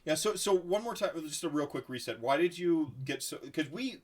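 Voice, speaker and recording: Man, podcast host, casual chat, swears a lot, lively delivery, restarts sentences. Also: on the high side, a little fast. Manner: animated, swearing, trails off and restarts.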